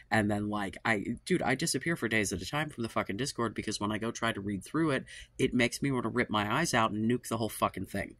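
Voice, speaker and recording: Fairly low-pitched yet fairly bright, this man talks fast, and the recording is dry. On his own dating-advice channel he delivers a frustrated, profane monologue to camera, sighing, trailing off, sounding fed up and spent.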